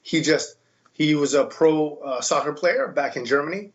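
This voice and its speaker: Man, American accent, casual storytelling, animated, higher pitch. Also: normal speed. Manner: animated, mimics voices in quotes. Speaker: podcast guest, kettlebell instructor. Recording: dull lo-fi sound.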